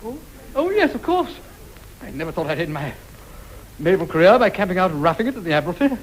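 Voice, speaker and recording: An actor playing a befuddled naval officer just woken up, in 1940s radio comedy acting. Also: male voice, sits high, very animated, fast talker, a little hiss or hum, rough recording. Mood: bewildered. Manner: vague, bewildered.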